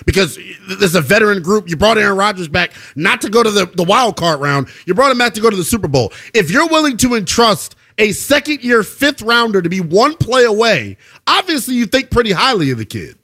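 A man's voice: sits high, very animated, brisk, bright, forceful tone. A man co-hosting a sports radio show, arguing insistently and repeating himself in a heated debate.

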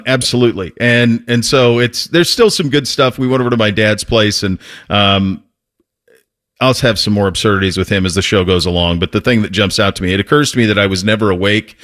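A man hosting a talk show, telling a casual, animated story with frequent restarts and laughs. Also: lowish voice, brisk. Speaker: host.

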